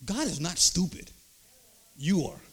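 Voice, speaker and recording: An older man preaching a sermon, emphatic, checking in with the crowd through quick rhetorical asides. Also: high voice, sing-song, husky. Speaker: pastor.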